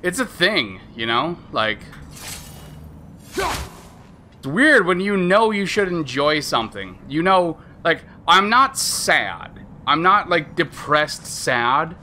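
A man in his thirties streaming a video game, talking candidly and rambling, trailing off, then bursting into high excited reactions at the game. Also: slow pace, a little hiss or hum. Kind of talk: casual let's-play commentary.

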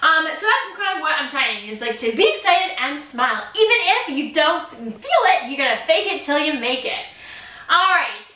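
A high, bright-voiced woman in her thirties talks teachers through her ideas with bubbly, animated energy. She speaks from her art studio, caught at a slight distance by the camera mic, and the room around her sounds roomy. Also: moderate pace. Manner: bubbly, animated, bursts into excited squeals when quoting kids. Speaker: art teacher and course host.

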